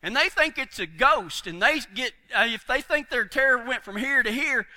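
A man's voice: extremely high pitch, animated, moderate pace, sharp tone. A man preaching a folksy sermon, telling stories with homespun humor and chuckles.

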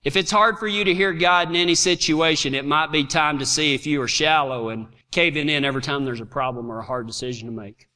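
A man preaching a sermon, telling stories and swinging from quiet asides to shouting. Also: a little high, quick pace, hardly any pauses, big-room sound. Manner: animated storytelling, swings from hushed to shouting. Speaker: pastor.

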